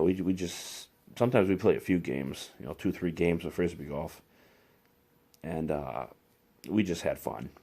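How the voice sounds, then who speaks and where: A man with a warm, low-pitched voice and some vocal fry rambles through personal anecdotes in a casual vlog, repeating phrases and restarting often. The recording has an echoey room sound.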